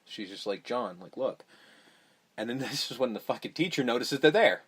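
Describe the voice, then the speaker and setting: Male podcast host, mid-pitched voice, loose and profane, retelling scenes with quick voiced-out quotes. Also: animated, fairly bright tone, slightly rough. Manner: swears freely, acts out characters' lines. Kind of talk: casual movie recap chat.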